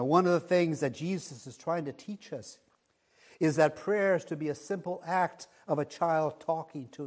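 Male preacher, unhurried sermon delivery, slightly high voice, hushed emphasis on key words. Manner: measured, dropping to a hush on key words.

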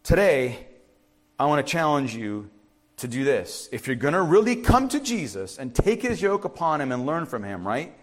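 A middle-aged man preaching a sermon as pastor, urging loudly one moment and dropping to quiet asides the next. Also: a little high, moderate pace. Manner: animated, swings from loud urging to quiet asides.

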